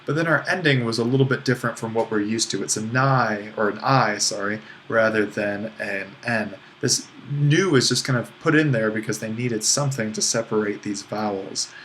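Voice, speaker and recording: A man at a middle pitch walks through a recorded Greek grammar lesson. He explains in a relaxed way, laughing a little and correcting himself as he goes. A faint noise sits behind his voice. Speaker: Greek language teacher.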